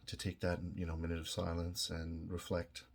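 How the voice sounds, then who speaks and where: A middle-aged man from Canada speaks to his viewers in a low, deep voice. He talks slowly and earnestly, full of pauses, fillers and restarts, and he sounds moved. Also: monotone, gravelly. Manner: halting, many fillers and restarts, emotional. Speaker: video host. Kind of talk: casual direct-to-camera talk.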